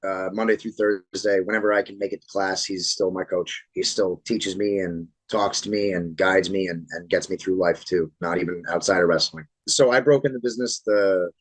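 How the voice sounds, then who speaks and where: A man in his thirties from Florida, a pro wrestler telling animated, swear-laced stories as a podcast guest. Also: sits low, moderate pace, hardly any pauses, no echo, low-quality recording. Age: 30s. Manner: animated storyteller, swears freely. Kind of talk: casual podcast interview storytelling.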